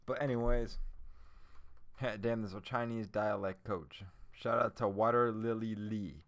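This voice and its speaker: In a lowish voice and at a slightly slow pace, a young man hosts a podcast about a movie. The chat is loose and excitable, peppered with profanity and bursts of laughter.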